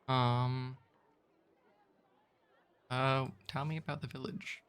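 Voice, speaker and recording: A man's voice: mid-range voice, little pitch movement, slow, pauses often, clean tone, some chatter behind. A male streamer reading a gamebook aloud, with casual, chuckling asides.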